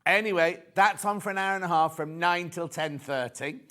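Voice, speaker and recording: A man's voice: high-pitched, moderate pace. Chatty man presenting live shopping. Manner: chatty, gossipy, excitable. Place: TV studio.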